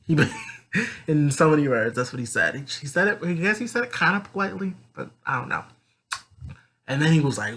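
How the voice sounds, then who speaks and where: Bright-voiced, sassy, profane man. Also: fairly high pitch, fairly quick. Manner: animated, profane, sassy, rambling. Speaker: recap vlogger. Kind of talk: casual, profane story recap.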